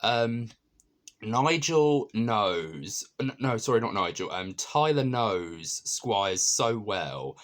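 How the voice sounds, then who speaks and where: A man's voice: on the low side, animated, slow. A man casually reviewing a TV episode, enthusiastic and rambling, with many ums and restarts.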